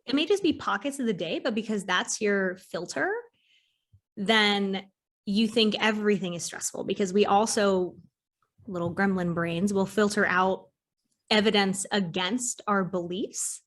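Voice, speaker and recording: A woman therapist hosts a casual interview podcast, speaking unhurriedly in a medium-pitched voice. She's animated, swears casually, and acts out her clients' voices.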